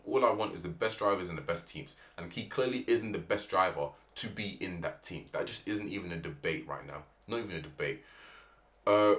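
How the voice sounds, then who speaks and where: A man giving animated, opinionated motorsport commentary, with emphatic rhetorical questions. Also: on the low side.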